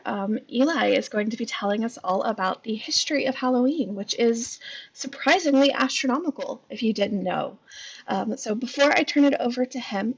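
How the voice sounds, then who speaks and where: A woman's voice: a little high, slightly rough, dull audio. A woman hosting a livestream in a chatty, conversational way. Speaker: host.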